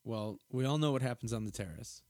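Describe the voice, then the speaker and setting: A middle-aged man co-hosts a loose podcast in a wry, playful way and swears freely. His voice has a typical male pitch, and the recording is close and dry with no room echo. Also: a little fast, darkish tone. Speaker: podcast co-host. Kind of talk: casual chat recapping a reality show.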